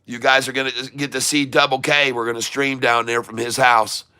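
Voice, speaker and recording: A man from Michigan hosting a casual live stream, excitedly reading out viewer shout-outs. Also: medium pitch, brisk, smooth, dry recording. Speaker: livestream host. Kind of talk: casual livestream chat.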